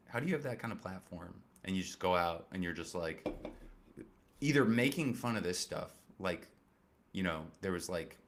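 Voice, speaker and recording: A man's voice: sits low, bright, forceful tone. A man hosting a comedy commentary show, rambling and sarcastic with lots of swearing and filler words. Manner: profane, rambling and sarcastic, with many fillers and restarts. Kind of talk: casual political comedy commentary.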